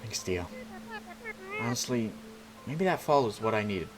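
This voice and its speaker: A man's voice: on the low side, animated, a little slow, music in the background. A man reading the lines of an anxious but determined young woman climber in a game, in his own earnest voice.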